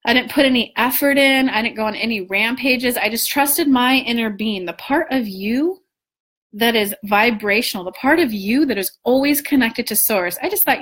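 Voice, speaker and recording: A young woman coaching on manifesting, chatting casually in a live stream, animated with lots of restarts and the odd swear. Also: fairly high pitch, normal speed. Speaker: law of attraction coach.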